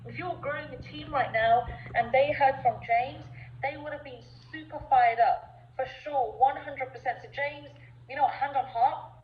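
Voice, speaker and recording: Woman, high voice, effusive host of a group video call; echoey, muffled call audio. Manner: gushing, effusive praise.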